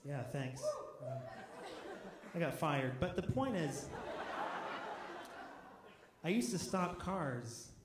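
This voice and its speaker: A man's voice: a little high, sing-song, slow pace, pauses often, a crowd in the background. Man doing stand-up in an echoey club. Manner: punchy, self-mocking delivery with loud bursts. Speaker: stand-up comedian. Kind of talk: stand-up set. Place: comedy club stage with live audience. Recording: echoey club room, audience noise.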